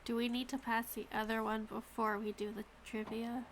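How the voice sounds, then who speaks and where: A woman's voice: on the high side, level tone, normal speed. A woman playing a tabletop game, easygoing and speaking partly in character. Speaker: player.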